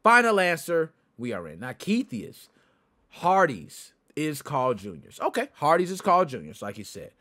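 Animated chatty male podcast host. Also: fairly high pitch, moderate pace. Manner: chatty, addresses viewers directly, answers chat. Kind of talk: casual livestream chat.

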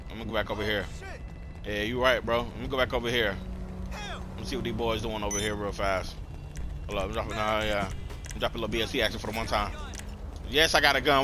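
A man's voice: fairly low pitch, fairly even intonation, fast, long pauses. A young man giving live gameplay commentary, slangy and trash-talking other players. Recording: loud game sounds under the voice.

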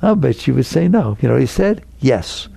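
Inspirational talk from a guy teaching spirituality, super gravelly voice, dry close sound, very lively delivery. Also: mid-range voice, fast talker, no echo. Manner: animated, acts out neurotic inner voices.

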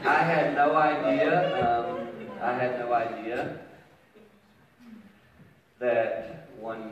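A middle-aged man giving a humorous storytelling sermon on parenting, animated and swinging from loud punchlines to hushed asides. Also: muffled recording. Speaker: speaker on parenting. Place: large hall with an audience. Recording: booming echoey hall from far off, with ambient noise.

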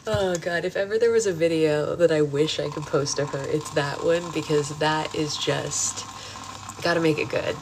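A chatty woman with a low voice hosts a casual book club stream from home, laughing easily and leaning on "like" as she talks. The phone recording carries a steady air-conditioner hum behind her. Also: moderate pace, hardly any pauses. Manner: chatty, laughing, lots of "like" fillers. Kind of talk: casual livestream chat. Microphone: phone livestream.

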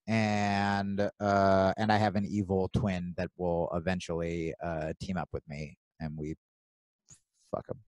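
A man from New Jersey co-hosting a podcast, telling animated stories with plenty of swearing and acting out his own inner voice. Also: deep voice, a little slow, no room sound. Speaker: podcast co-host. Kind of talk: casual chat.

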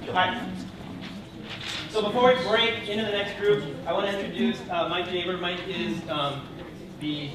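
A man's voice: high voice, steady tone, normal speed. Casual male emcee, far off. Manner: loose, informal. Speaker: event host. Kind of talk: event emcee. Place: museum event room. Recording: echoey room from far off, noisy.

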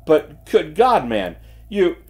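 A man's voice: fairly high pitch, huge pitch swings, slow, voice pushed up, full character voice. A man voicing a nervous young army captain who speaks in tense, trembling bursts. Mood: agitated. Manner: tense, tremulous, blurting.

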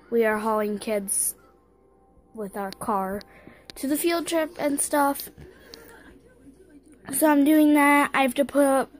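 A young woman from Wisconsin, a vlogger rambling casually and excitably while a bit sick, filming on her phone at home and out on the porch. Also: on the high side. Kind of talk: casual vlog chat. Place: home, then outdoors on a porch in snow. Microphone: handheld phone.

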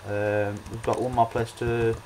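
A young man chats his way through a computer game, hesitant and rambling, stopping for ums and restarts. His voice sits at a middling pitch. Faint keyboard clicks and a light hiss sit behind him. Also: level tone, a little slow, darkish tone, poor audio. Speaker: let's play host. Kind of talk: casual gameplay commentary.

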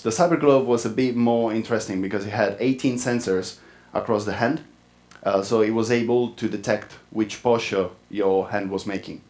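A man's voice: on the low side, a little mellow. A man from Italy with an Italian accent, speaking at a conference in an informal way with frequent fillers. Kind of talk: tech conference talk.

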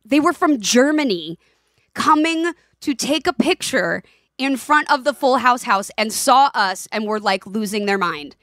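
A woman in her forties co-hosting a podcast, casual chat, telling lively anecdotes and acting out the voices in them. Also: a little high, a little slow, no room sound, studio quality. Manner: animated storyteller, acts out voices in anecdotes. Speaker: podcast co-host.

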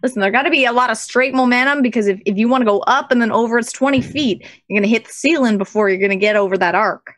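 A woman playing a tabletop game, explaining her plans in quick, animated talk. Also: fairly high pitch, dry recording. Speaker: player. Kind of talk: casual tabletop play.

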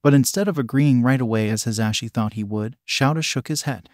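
A man narrating a fan-fiction story in an even, measured reading. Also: medium pitch, dry recording, clean studio sound.

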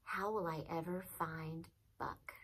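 A woman reading a novel aloud, voicing an eager, stubborn young boy in a high, excited voice. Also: a little slow, slight background noise, heavily acted. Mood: worried whisper.

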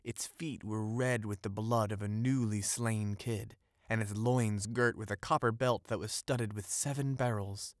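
A man narrating an audiobook of a classic fairy tale, in a steady, ornate storytelling read on a close mic. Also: lowish voice, measured pace, no echo.

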